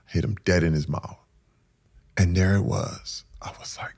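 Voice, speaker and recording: A middle-aged man with a deep, gravelly voice appears as a podcast guest, telling an emotional personal story with intensity. His intonation stays fairly even at a normal speed, yet he swings between hushed and loud as he acts out what people said.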